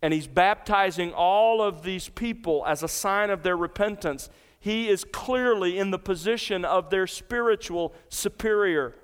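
With a high, clean-toned voice, this man preaches expository material as a pastor. He's emphatic and earnest, throwing rhetorical questions at the congregation, and a big hall's lengthy reverb surrounds every word.

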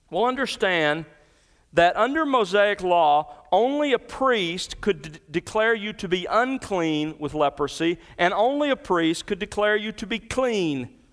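A man preaching an expository sermon. He works through the verses emphatically, swelling on key points and dropping low for quotes. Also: a bit bright. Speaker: pastor.

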